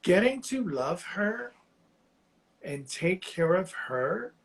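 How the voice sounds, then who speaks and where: A man calling in to a live reading, sharing something painful in a halting, heartfelt way while close to tears. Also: high voice, sing-song, poor audio. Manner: halting, heartfelt, slow, often restarting phrases. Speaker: caller on a live psychic reading. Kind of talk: emotional personal sharing.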